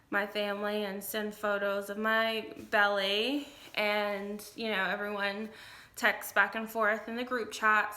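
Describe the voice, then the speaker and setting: A young woman talks slowly and openly about how she has been, tired and close to tears at times, pausing often to gather her thoughts. Her voice is bright and a little high. The room around her sounds echoey. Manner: candid, rambling, many ums and restarts. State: tired, getting emotional. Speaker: vlogger. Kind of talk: casual personal update.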